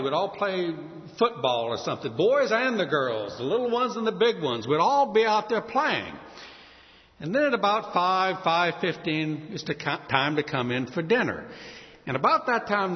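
A male pastor from New Orleans preaching a sermon, his voice high and lively as he tells stories and mimics sing-song calls. The recording sounds dull and carries a long hall echo.

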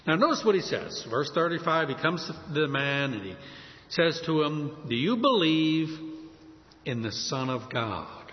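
A man preaching a sermon, emphatic and expressive, repeating rhetorical questions to his listeners. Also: a little high. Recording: dull lo-fi sound with long hall reverb.

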